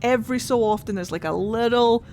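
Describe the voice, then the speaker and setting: A woman's voice: fairly high pitch, fairly quick, a little mellow, slight background noise. A young Scottish woman streaming a game, chatting casually and animatedly, laughing often and swearing now and then. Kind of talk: casual gameplay commentary.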